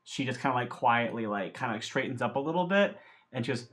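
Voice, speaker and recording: A man's voice: medium pitch, expressive, a bit bright. A man playing in a tabletop game, chatting casually and explaining his character with lots of filler words. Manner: rapid, chatty, filler-laden. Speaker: player.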